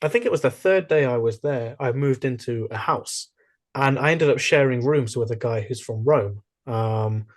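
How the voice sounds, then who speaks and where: A young man chatting as a podcast guest, telling stories in a lively way with many fillers and restarts. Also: medium pitch. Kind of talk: casual interview chat.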